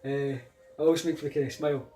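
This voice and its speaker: A man's voice: on the high side, steady tone, fast, mellow, a little hiss or hum, low-quality recording. Chatty Scottish man vlogging. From Scotland. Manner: chatty, rambling, frequent fillers and restarts. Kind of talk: casual solo vlog talk.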